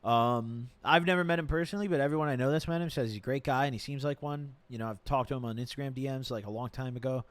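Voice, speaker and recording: A man's voice: medium pitch, fast talker, few pauses, dry recording. A man streaming live, casually rambling and slangy as he reads a legal document aloud and reacts to it. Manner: rambling, repeats himself, slangy.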